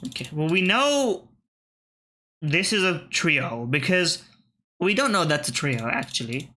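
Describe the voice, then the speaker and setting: A man's voice: fairly high pitch, very animated, unhurried, bright, forceful tone, slight background noise. A man, thinking aloud and swearing casually as he gives let's-play commentary on word puzzles. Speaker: gaming channel host.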